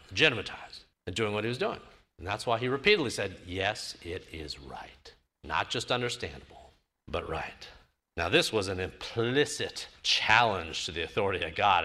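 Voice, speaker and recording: A man's voice: mid-range voice, pushed and bright. A male pastor preaching a sermon, emphatic and building his points through repeated phrases.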